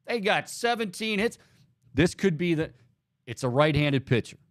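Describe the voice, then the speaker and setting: Lively male sports-talk host, reels off stats, dry booth sound. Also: on the high side, measured pace, no echo. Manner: animated, laughing, rattles off stats. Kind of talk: casual sports talk show.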